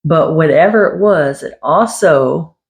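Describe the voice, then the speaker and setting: A woman hosting a paranormal podcast, telling a personal story in a conversational monologue, quoting others and clearing her throat now and then. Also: sits low, expressive, measured pace. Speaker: psychic podcast host.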